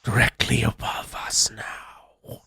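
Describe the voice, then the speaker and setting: Ghost dragon knight, breathy rasping whisper, vengeful wraith, whispered role-play, slow and bright. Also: male voice, no room sound. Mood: eerie, hushed.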